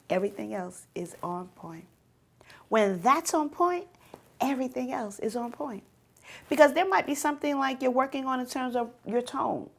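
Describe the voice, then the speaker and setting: A woman teaching a youth church lesson, speaking directly to teens and repeating her key points for emphasis. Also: fairly high pitch.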